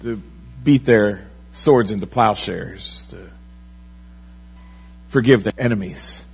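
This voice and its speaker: Pastor, male, husky voice, slow unhurried delivery, sermon with lively swings in emphasis. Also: fairly low pitch, poor audio. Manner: animated preaching, rising and falling emphasis.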